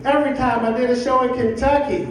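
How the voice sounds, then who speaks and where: A man's voice: very high-pitched, fairly even intonation, fast, slight background noise. A middle-aged man performing a live stand-up set, joking loosely and working the crowd. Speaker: stand-up comedian. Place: comedy club stage. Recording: echoey club from a distance. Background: audience laughter.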